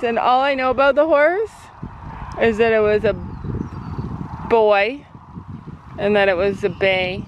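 A middle-aged woman talks casually to her vlog camera outdoors beside a horse. Her voice sits a little high, and she rambles through a long story, full of fillers and restarts. A light outdoor hum runs under her. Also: measured pace, pauses often, lo-fi sound. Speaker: vlogger, mother. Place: outdoors by a horse near a road.

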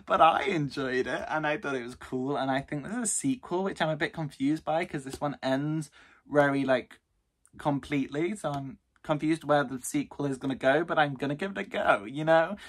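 A man's voice: on the high side, normal speed. A young man rambling casually about books on his shelves, with lots of fillers. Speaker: booktuber. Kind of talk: casual chat.

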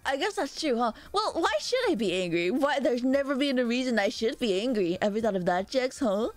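A young woman from Mexico streaming and chatting loosely with viewers, loud and rambling, often laughing at herself. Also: a little high, very animated, soft background music. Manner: loud, rambling, self-mocking, quick laughs. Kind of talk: casual live-stream chat with viewers.

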